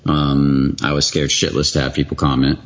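A man's voice: rumbling low, monotone, moderate pace, fairly bright tone. A man talking frankly as an interview guest, swearing casually and rambling through restarts. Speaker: guest, video creator. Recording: slightly dull lo-fi audio.

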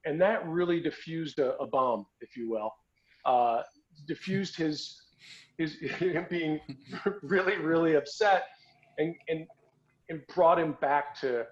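A man's voice: fairly high pitch, slow pace. A man hosting a podcast, telling a story in a casual, conversational way with frequent restarts and repeated words. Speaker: podcast host. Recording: dull lo-fi podcast audio.

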